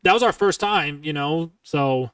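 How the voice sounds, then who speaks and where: A young man with a slightly high voice tells a story in loose, swear-heavy podcast chat. His words tumble out heated and rambling. The sound is dry and a bit distant from the mic. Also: measured pace, a bit bright, smooth, no room sound. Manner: profane, heated, rambling retelling. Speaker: podcast host.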